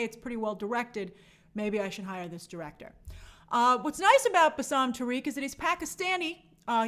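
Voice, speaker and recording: A woman hosting a casual movie news show, giving opinionated commentary and reading viewer comments. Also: on the high side. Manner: chatty, opinionated, animated asides.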